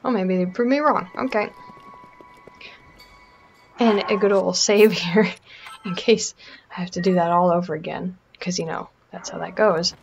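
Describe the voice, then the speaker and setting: A woman's voice: lowish voice, unhurried, vocal fry, long pauses, dull audio, faint music behind. A Canadian woman giving casual, self-mocking commentary over a video game, often dropping to a whisper while sneaking. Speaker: let's play gamer.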